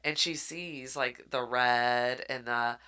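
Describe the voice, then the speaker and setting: Woman podcast co-host, animated storyteller, bright forward tone. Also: rumbling low, slow, smooth. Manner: animated storytelling, acts out quotes. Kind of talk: casual chat recapping a book.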